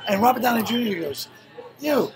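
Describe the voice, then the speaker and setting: An older man with a Boston accent, a stand-up comedian telling profane, animated stories in casual chat. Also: high-pitched, quick pace, over music, poor audio. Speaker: comedian guest.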